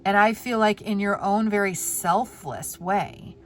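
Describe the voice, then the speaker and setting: A woman giving a pick-a-card tarot reading in a gentle, heartfelt way. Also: mid-range voice, measured pace, slight background noise. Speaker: tarot reader.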